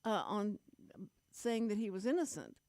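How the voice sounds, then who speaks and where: A middle-aged Texan woman hosts a radio chat show from the studio, her medium-pitched, expressive voice darkish in tone and free of room sound, at a moderate pace. She tells stories in a rambling, casual on-air way, restarting often.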